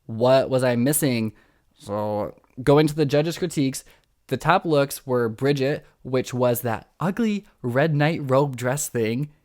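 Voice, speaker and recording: An excitable young man hosts a casual podcast recap of reality TV. He talks fast and throws himself into the drama. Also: medium pitch. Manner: excitable, dramatic, acts out quotes. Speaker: podcast host.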